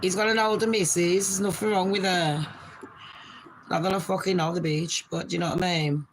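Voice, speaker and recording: A British woman in her forties hosting a casual live stream from her bedroom, talking fast and swearing freely as she chats to her viewers and calls them babes. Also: lowish voice, fairly even intonation, a little hiss or hum, poor audio. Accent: British English.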